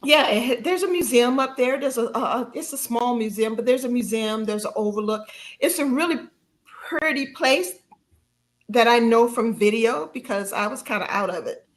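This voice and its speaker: Speaking at a moderate pace, a woman guest on a podcast recounts a personal story with lively, conversational energy. She laughs often and raises her pitch sharply when quoting herself.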